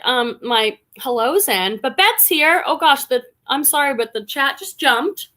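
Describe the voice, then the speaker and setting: A woman from Boston hosting a casual live stream, chatting warmly and greeting viewers one by one as she reads the chat aloud. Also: a little high. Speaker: live stream host and online reseller.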